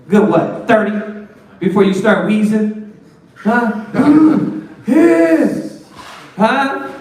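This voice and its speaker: Male Bible teacher, high voice, slangy and joking; distant mic, heavy room echo. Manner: animated, slangy, joking, rhetorical questions. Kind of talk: lively street-talk preaching. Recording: echoey room, voice far from mic.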